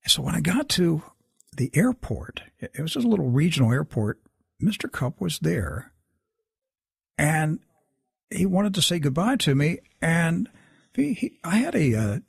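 A man's voice: on the high side, normal speed, gravelly, pauses often, slightly rough, no echo, studio quality. A man telling a long personal story in casual talk, acting out the people he quotes. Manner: animated, acts out quoted dialogue. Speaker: guest storyteller.

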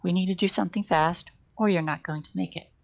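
A woman with a low, gravelly voice reads a novel aloud in a relaxed live-stream style. She gives the dialogue small lifts for different characters and now and then trips over a word and starts again. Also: fast, rough recording. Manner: reads dialogue with small shifts for characters, occasional slips and restarts. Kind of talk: casual live-streamed book reading.

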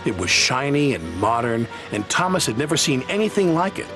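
Man, storybook narrator, lively expressive reading, mid pitch, loud music behind. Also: a little fast.

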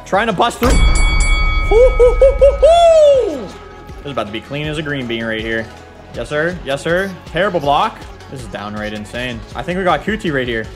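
A young man hosting excited commentary over a football video game, shouting at big plays, his voice cracking now and then. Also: medium pitch, fast talker, over loud music. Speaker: gaming YouTuber. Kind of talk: excited let's-play commentary.

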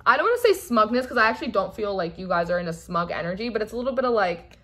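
A woman's voice: medium pitch, racing. A young woman giving a tarot reading in a chatty, rambling manner, full of "like" and repeated phrases. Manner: chatty, rambling, animated with frequent "like". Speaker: tarot reader. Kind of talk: casual tarot reading monologue.

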